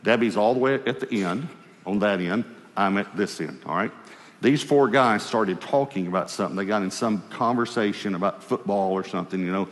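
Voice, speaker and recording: A man preaching in a church hall with a long reverb trailing his words. His voice sits on the low side. He tells his story with lively acted-out exchanges and sinks into a quiet, low tone whenever he speaks as God. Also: brisk. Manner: animated storyteller, acts out dialogue, dropping low and quiet for God's voice. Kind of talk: sermon storytelling.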